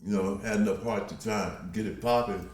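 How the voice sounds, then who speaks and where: A man in his sixties from Compton, a podcast guest telling stories in a casual, profane, animated way and laughing often. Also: lowish voice, fairly quick. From Compton, Los Angeles. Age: 60s. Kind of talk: casual storytelling. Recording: roomy echo.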